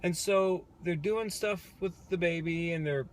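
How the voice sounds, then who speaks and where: A man's voice: sits high, a little slow, a little hiss or hum. Earnest young father telling a story. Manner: earnest, reflective, with many restarts. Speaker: vlog co-host, new father. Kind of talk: casual storytelling. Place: parked car.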